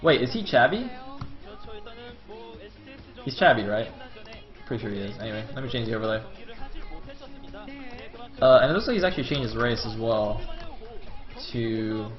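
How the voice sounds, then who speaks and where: A man's voice: medium pitch, animated, moderate pace, long pauses. A young man casting a video game on his own stream, chatting and rambling with lots of fillers. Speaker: game caster. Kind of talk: solo esports commentary on stream. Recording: slightly dull lo-fi stream audio with faint music.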